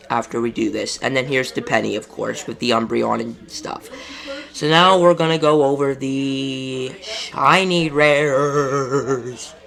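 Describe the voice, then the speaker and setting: A man's voice: mid-range voice, creaky, a bit bright. A man talking casually and with exasperation as a collectibles video host, ranting with some profanity. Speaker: collectibles YouTuber.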